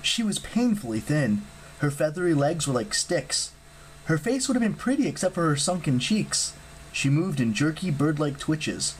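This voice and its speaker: Expressive audiobook narrator. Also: medium pitch, normal speed, a little hiss or hum, poor audio. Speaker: audiobook reader. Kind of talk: scripted narration.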